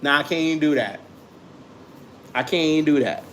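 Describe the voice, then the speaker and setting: A man's voice: fairly high pitch, brisk, slight background noise. Teasing New man with a laugh. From New York. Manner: teasing, slangy, laughs often. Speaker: livestream host. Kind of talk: casual livestream banter with chat.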